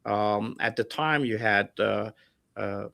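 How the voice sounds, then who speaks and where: A man's voice: on the low side, takes it slowly, gravelly, pushed and bright, no echo. A middle-aged man in a casual chat, telling stories with energy, full of fillers, laughing and putting on voices for the people in them. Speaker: guest storyteller. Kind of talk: casual storytelling. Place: home setup over a livestream call. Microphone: remote call mic.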